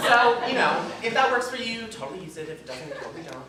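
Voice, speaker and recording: A woman comedian performing live stand-up with self-deprecating, animated delivery at a small venue. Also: low voice, fast, few pauses. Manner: self-deprecating, animated, lots of put-on voices. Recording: echoey live room, distant mic, noisy.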